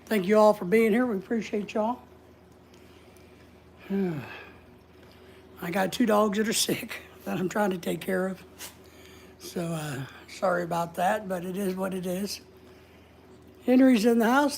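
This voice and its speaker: A woman's voice: medium pitch, measured pace, gravelly, long pauses, darkish tone, a little hiss or hum. A woman hosting a casual livestream, chatting in a rambling way and reading viewer comments aloud. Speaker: livestream host.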